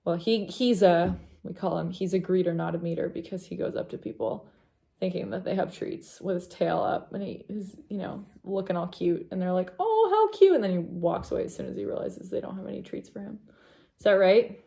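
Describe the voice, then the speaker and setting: A young woman hosts a knitting vlog and chats to camera in a loose, rambling way, full of fillers and asides to her dog. Her voice sits fairly low, with a dark, mellow tone and a lot of vocal fry. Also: fairly even intonation, a little fast. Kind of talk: casual chat to camera.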